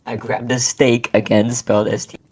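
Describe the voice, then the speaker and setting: A man with a husky, mid-range voice and little pitch movement reads a fanfic aloud at normal speed to a friend on a voice call. The co-host's casual reading keeps breaking into laughs and stumbling over words in a giggly way.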